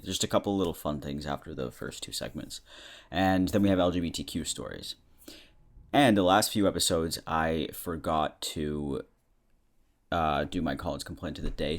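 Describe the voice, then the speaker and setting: A young man hosting a podcast, telling stories in a chatty, self-deprecating way and laughing often. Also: very deep voice. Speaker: podcast host. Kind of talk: casual comedic monologue.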